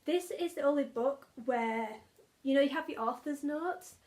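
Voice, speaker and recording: Gushing young woman, slightly high voice. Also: moderate pace, a little mellow. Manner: gushing, enthusiastic, repeats words for emphasis. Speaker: book vlogger. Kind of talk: casual chat.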